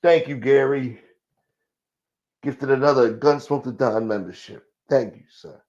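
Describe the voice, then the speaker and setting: A man's voice: mid-range voice, a little slow, darkish tone. A man hosting a casual livestream, talking in a profane, offhand way. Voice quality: gravelly, profane. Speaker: livestream host. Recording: muffled lo-fi audio.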